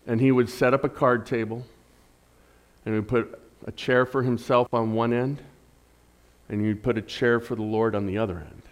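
A middle-aged man preaching a sermon in a conversational, joking way, asking the congregation questions and swinging between loud emphasis and quiet asides. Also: medium pitch, fairly even intonation, normal speed. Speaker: pastor.

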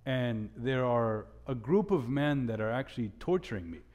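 A young man giving a sermon with a personal story, telling it in an animated way with many restarts. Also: mid-range voice, moderate pace. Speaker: speaker at a church gathering.

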